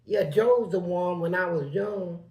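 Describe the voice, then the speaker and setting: A man with a Southern US accent telling prison stories in a loose, animated way, acting out voices in the quotes. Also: high-pitched, a little slow, echoey room. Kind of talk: casual storytelling.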